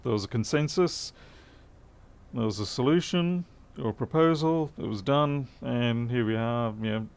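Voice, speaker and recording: A man's voice: medium pitch, normal speed, creaky, darkish tone, clear, resonant tone. A man chatting casually and dryly while working, answering viewers' questions. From Australia. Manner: chatty, dry humour, answers chat questions. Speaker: repair streamer. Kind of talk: casual live-stream chat while working.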